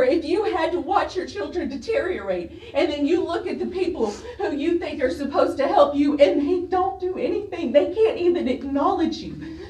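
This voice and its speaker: A woman's voice: sits high, a little mellow. A woman pleading in tears during public comment at a council meeting, her voice shaking as she speaks. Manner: pleading, breaking with emotion. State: crying, voice shaking. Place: council chamber. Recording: echoey chamber, distant mic.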